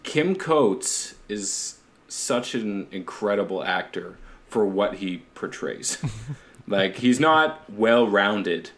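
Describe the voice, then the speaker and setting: A man hosting a podcast, chatting casually, rambling, swearing freely and laughing often. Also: fairly low pitch. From Canada. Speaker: podcast host. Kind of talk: casual chat.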